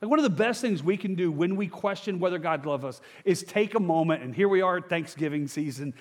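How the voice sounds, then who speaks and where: A man preaches a sermon with a high-pitched voice. He talks to the congregation like a friend, climbing for emphatic lines and sinking to soft, low asides. The sound carries a long hall echo. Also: expressive, fairly quick. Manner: conversational preaching, frequent "right?" and "okay?" asides. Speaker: pastor.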